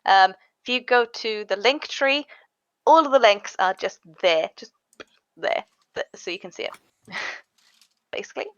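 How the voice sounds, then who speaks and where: Chatty woman game master, crisp voice. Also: medium pitch, unhurried, long pauses, no room sound, lo-fi sound. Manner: chatty and relaxed, with many fillers and laughs. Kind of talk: casual wrap-up chat on a live stream.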